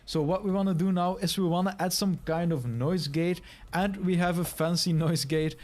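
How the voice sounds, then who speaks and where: A man's voice: high voice, steady tone, normal speed. Man explaining audio settings, tutorial style. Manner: instructive, walks through settings, demonstrates by talking quiet and shouting. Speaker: streaming tutorial presenter. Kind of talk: step-by-step screen tutorial.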